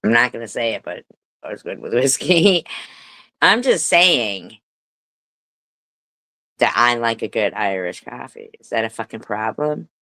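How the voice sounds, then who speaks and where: A woman's voice: a bass voice, animated, brisk, a bit bright, no room sound. A woman hosting a casual live stream, giggling often, swearing freely and breaking into playful bits of song. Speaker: livestream host.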